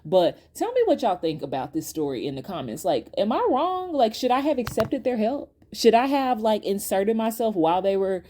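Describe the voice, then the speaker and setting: A woman hosts her own podcast and tells a personal story straight to her listeners. She talks in a chatty, animated way and laughs often. Her voice is mellow and warm, pitched in a middle range. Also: moderate pace, few pauses. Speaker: podcast host. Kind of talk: casual storytime to viewers.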